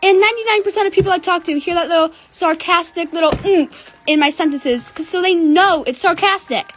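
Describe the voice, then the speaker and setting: A woman's voice: very high-pitched, fairly quick, faint music behind. A teenage girl telling a story in a chatty, sarcastic way, with lots of "like". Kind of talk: casual storytime.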